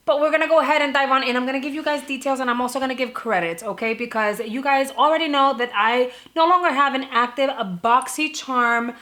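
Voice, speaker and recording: Bright, chatty woman vlogger. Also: high-pitched. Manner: chatty, fast asides with frequent "like" and laughs. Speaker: beauty subscription box vlogger. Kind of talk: casual to-camera vlog.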